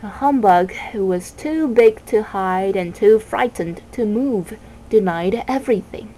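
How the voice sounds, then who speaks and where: Slow, measured woman reading a children's book. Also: mid-range voice, animated, dark tone, rough recording. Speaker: reader. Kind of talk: reading a children's novel aloud.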